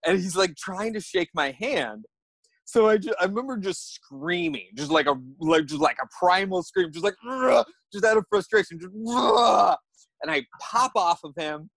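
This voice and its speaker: A young man, a podcast guest, telling a story in a lively way and acting out his own thoughts. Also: high voice, moderate pace, dry recording. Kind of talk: animated storytelling.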